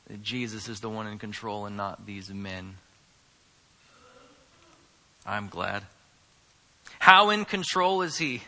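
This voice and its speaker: A male pastor delivering a sermon earnestly, moving between hushed asides and emphatic stresses. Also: on the low side, big-room sound.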